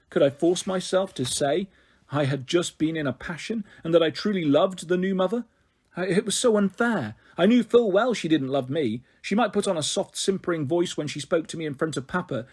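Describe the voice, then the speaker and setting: A man reading a children's novel aloud in an expressive storytelling manner. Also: on the high side, a little fast, husky. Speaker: story reader.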